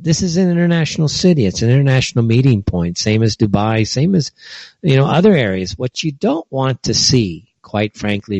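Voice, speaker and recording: A man's voice: medium pitch, darkish tone, dry recording. A man from California, talking in a loose, rambling monologue full of fillers and little acted-out asides. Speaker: commentator. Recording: dull, dry lo-fi recording.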